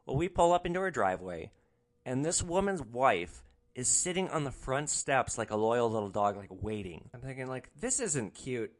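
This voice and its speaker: A man's voice: medium pitch, animated, moderate pace. A man hosting a podcast, telling his rideshare stories in a casual, sarcastic, blunt way. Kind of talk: casual storytelling.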